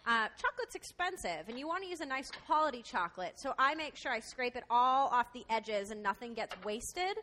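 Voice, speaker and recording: A woman's voice: on the high side, lively intonation, fairly quick, hardly any pauses, pushed and bright, slight background noise. A woman chef demonstrating a recipe on live radio, explaining step by step with many "um" fillers. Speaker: chef and cooking instructor.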